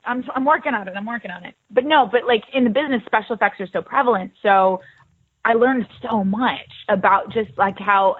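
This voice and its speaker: A woman's voice: medium pitch, fairly quick. Chatty young woman on a tinny phone line. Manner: chatty, upbeat, laughs easily. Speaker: actress guest. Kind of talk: casual interview.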